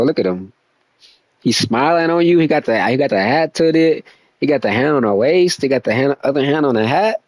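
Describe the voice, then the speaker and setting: A man's voice: medium pitch, a little mellow, dry recording. A young man casually commentating gameplay, laid-back and slangy, swearing often. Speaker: gaming streamer.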